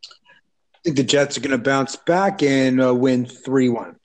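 A man's voice: mid-range voice, unhurried, darkish tone. Casting: young male co-host, mid voice, a bit unsure. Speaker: podcast co-host. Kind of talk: casual sports podcast chat.

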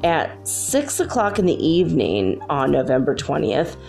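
A woman talks in a low, gravelly voice with a lot of vocal fry. Her vlog is casual and rambling, full of "like". Faint music plays behind her in her room. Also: very animated, a little slow, darkish tone. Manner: rambling, chatty, uses "like" often. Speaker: vlogger. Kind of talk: casual spiritual vlog commentary. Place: her room at home, alone.

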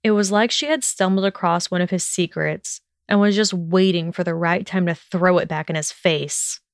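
A woman narrating a fan fiction story in a steady, even storytelling manner. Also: lowish voice, moderate pace, no echo, studio quality.

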